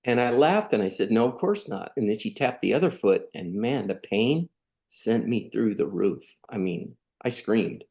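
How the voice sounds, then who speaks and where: A middle-aged man from California tells a personal story on a podcast. His voice sits low with a gravelly edge. He stays earnest and conversational and acts out what others said. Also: lively intonation, moderate pace, a little mellow. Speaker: podcast guest. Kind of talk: storytelling in a casual interview.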